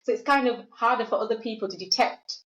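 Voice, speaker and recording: A woman's voice: fairly high pitch, fast talker, fairly bright tone. A woman talking in a thoughtful, hesitant way in casual podcast chat. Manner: thoughtful, hesitant, with many fillers. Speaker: podcast host. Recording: echoey, dull sound.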